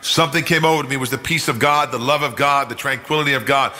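A guest, an older New Yorker, tells his personal testimony quickly in a medium-pitched, sharp-toned voice with fairly level intonation. He speaks earnestly and with emphasis, acting out what people said, while long hall reverb colors the recording.

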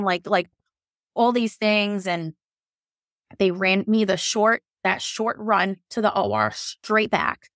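A woman in her thirties, a nurse, recounts her own birth story as a podcast guest, speaking candidly and emotionally. Her voice is animated and a bit bright, and she takes it slowly, acting out her quoted lines with rising pitch. The recording is studio quality with no room sound.

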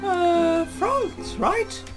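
A player voicing a naive schoolgirl heroine in a squeaky high put-on voice. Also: drawn-out words, music in the background, full character voice. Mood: cheeky.

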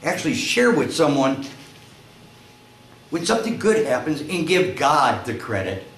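A male pastor preaching a sermon, telling a story and acting out its voices, climbing to shouts at the high points. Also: big pitch swings, unhurried. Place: church sanctuary. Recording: echoey church room, faint noise.

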